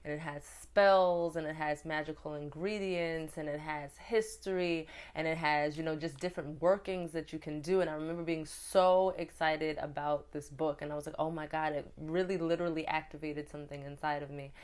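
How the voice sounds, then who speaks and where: Woman, low pitch, chatty storyteller, fillers, from new york. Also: moderate pace, few pauses. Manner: chatty, animated retelling with many fillers. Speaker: vlogger. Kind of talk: casual storytime.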